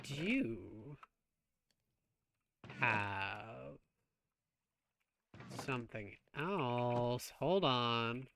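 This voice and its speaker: A man's voice: mid-range voice, animated, extremely slow, creaky, long pauses, fairly bright tone, a little hiss or hum. A man streaming a game, chatting casually while he plays, joking and swearing freely. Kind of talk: casual gameplay chat.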